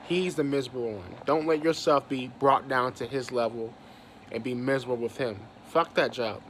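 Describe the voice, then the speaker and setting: A young man rants about his job, cursing and tripping over his own words. His pitch sits in the middle for a man. A faint hum runs behind his voice. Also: normal speed. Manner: heated, profane, repeats himself. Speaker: vlogger venting about work. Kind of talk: angry casual rant.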